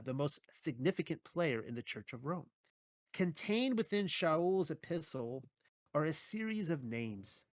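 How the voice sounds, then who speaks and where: A man's voice: on the high side, no room sound. Man reading with wry asides, dry sound. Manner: occasional stumbles and "uh" fillers. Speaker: bible teacher. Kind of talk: reading his own article aloud.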